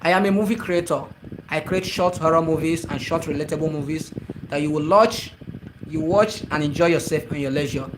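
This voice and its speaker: A man's voice: fairly high pitch, a little fast, noisy background. A young man hosting a casual live stream, talking to viewers by name and repeating his phrases. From Nigeria.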